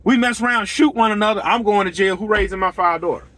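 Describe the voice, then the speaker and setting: A man's voice: high voice, fast talker, a bit bright, no room sound. A middle-aged man, ranting bluntly and heatedly to camera as a channel host, acting out conversations as he tells his stories. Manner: blunt, heated, repetitive storytelling with quoted dialogue. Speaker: lawn care business owner and channel host. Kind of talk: casual rant to camera.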